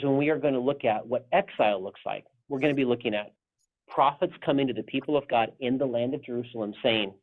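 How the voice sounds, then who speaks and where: A male pastor leading a casual Bible study discussion, rambling with frequent restarts. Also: medium pitch. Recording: tinny phone-like sound.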